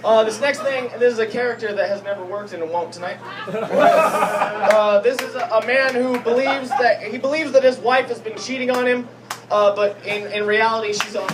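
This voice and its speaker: A man's voice: sits high, moderate pace, heavy background noise. A man doing a stand-up comedy set on a club stage, profane and rambling, laughing at his own jokes. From Pacific Northwest. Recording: distant live club recording with crowd. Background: crowd laughing.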